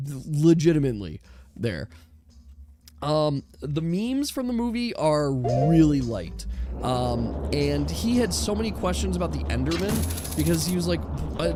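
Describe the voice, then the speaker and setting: Gaming streamer dad, 30s, rambling self-mocking chat, lively swinging delivery over loud music. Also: male voice, fairly high pitch. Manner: rambling, self-mocking, talks to himself while playing.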